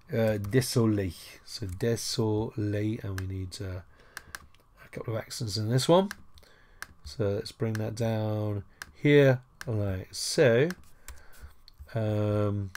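A man's voice: lowish voice, a little mellow, a little hiss or hum. A man teaching a screen-recorded language lesson, chatty with jokey asides and a playfully formal manner.

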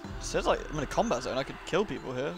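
A man's voice: fairly high pitch, big pitch swings, fast talker, music in the background. A man giving casual, cheeky gameplay commentary, full of self-mocking asides. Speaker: let's play commentator.

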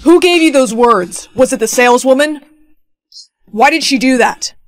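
A woman's voice: high voice, moderate pace, lightly acted. A woman playing a controlling, jealous boyfriend who questions and makes demands. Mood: suspicious. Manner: demanding, interrogating.

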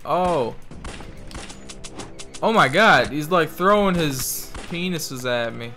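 With music playing in the background, a young gaming channel host rambles through casual gameplay, mocking the game text as he reads it, swearing freely, and using a put-on Italian-ish accent as a joke. His voice is on the high side with lively intonation, and he speaks slowly with frequent pauses.

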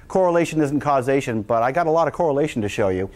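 A man giving an energetic, emphatic public lecture as the guest speaker to a live audience in a lecture room. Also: a little high, quick pace, few pauses.

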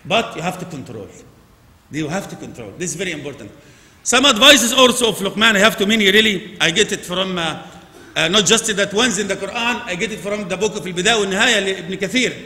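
Male preacher, English sermon, bright tone, long hall reverb. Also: expressive, brisk. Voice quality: non-native English with Arabic phrases. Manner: swings from loud emphatic urging to low quiet asides. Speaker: imam giving a Friday sermon. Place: large mosque prayer hall.

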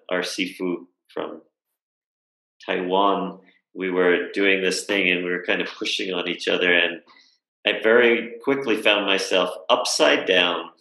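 Man, guest on a video call, reflective storytelling, crisp bright tone, roomy echo. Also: sits low. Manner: thoughtful, with frequent fillers and rhetorical "right?". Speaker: guest speaker.

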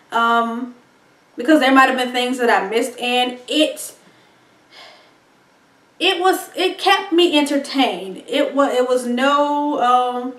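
A woman's voice: on the high side, fairly bright tone, far from the mic. Chatty woman, echoey and off-mic. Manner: chatty, rambling, laughs often, lots of ums and likes. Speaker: film reviewer. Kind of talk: casual movie review monologue. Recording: echoey room, voice set back from mic.

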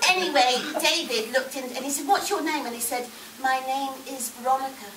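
A brisk, high-sitting female voice performs a live comedy bit as a chatty, mischievous newborn baby girl. Giggling, she wanders off on constant tangents in a rambling tale, heard through an echoey, distant mic amid loud background noise.

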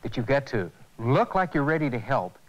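A man's voice: medium pitch, big pitch swings, normal speed, muffled recording. An actor playing an eager man learning about customer service, in a 1980s educational film. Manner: eager, questioning. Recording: faint hiss on an old tape transfer.

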